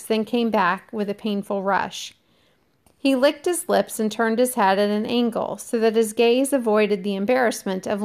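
A woman teacher reading a novel aloud to her class in a steady, measured way. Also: mid-range voice, gravelly.

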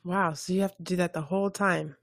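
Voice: medium pitch, steady tone, brisk, gravelly, a bit bright, no room sound. A podcast host in casual chat, mostly giving brief, supportive interjections.

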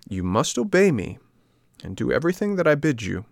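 A man's voice: medium pitch, very animated, brisk, vocal fry, no room sound, studio quality, pitched above the performer's own voice. A man voicing a kind but stern motherly fairy, speaking in a solemn, admonishing way in a storybook reading. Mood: instructing.

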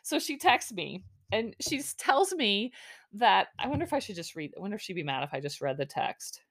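Chatty woman podcaster, rambles and swears, mid pitched voice. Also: very animated, a little fast, fairly bright tone. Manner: rambling, chatty, swears, many restarts and fillers. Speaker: podcast host. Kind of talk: casual chat recap.

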